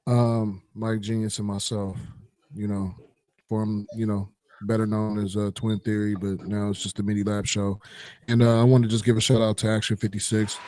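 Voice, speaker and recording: A man's voice: on the low side, little pitch movement, moderate pace, darkish tone. A man hosting a casual talk show, laid-back and steering the chat along. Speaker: host.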